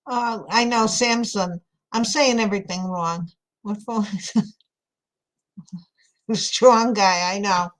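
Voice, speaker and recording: A woman's voice: mid-range voice, takes it slowly, long pauses. A woman with a New York accent, chatting casually with viewers while crafting, laughing often. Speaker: craft livestream host.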